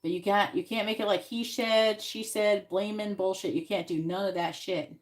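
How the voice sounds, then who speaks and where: A woman's voice: mid-range voice, steady tone, moderate pace. A woman giving frank, swear-laden advice as a psychic tarot reader on a live stream, coaching the client on what to say.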